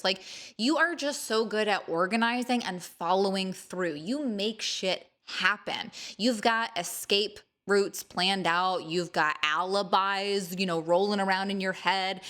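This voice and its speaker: A woman's voice: mid-range voice, measured pace, fairly bright tone. A woman hosting an astrology video, teasing the signs in a chatty, mock-dramatic monologue. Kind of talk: casual playful monologue to camera.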